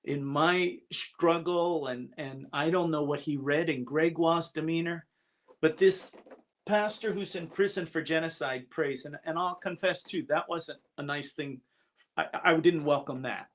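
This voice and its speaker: A man shares a personal story at a church gathering, his voice slightly raised, on the high side and fairly bright. The telling is earnest and confessional, and he stumbles, frequently repeating his first words.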